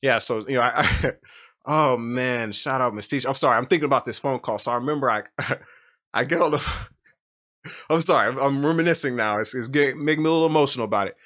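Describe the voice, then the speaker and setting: A man's voice: mid-range voice, quick pace, a bit bright. A young man telling his story in a casual, rambling way with many fillers and restarts.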